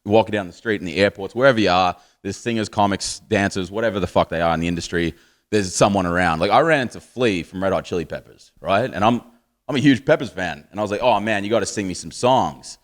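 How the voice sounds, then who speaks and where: A man's voice: low-pitched, fast. Profane Australian man doing stand-up. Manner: crude and profane, rambling, chuckles at his own jokes. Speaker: stand-up comedian. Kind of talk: stand-up comedy set. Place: live comedy stage.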